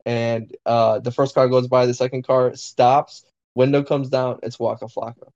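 Dude telling a crazy story, swears constantly, kinda dull lo-fi sound. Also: male voice, medium pitch, moderate pace. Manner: profane, excitable storyteller, lots of fillers. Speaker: podcast co-host. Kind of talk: casual storytelling chat.

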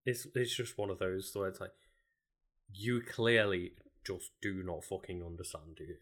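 A man's voice: low-pitched, fairly even intonation, normal speed, fairly bright tone. A man co-hosting a podcast in casual chat, reacting with disbelief and plenty of swearing. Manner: incredulous reactions, heavy swearing. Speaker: podcast co-host.

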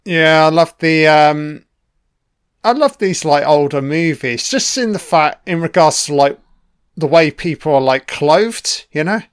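A man's voice: on the high side, lively intonation, a little slow, clear, resonant tone, no room sound, studio quality. A man giving a casual, rambling film commentary, swearing freely and chuckling between asides.

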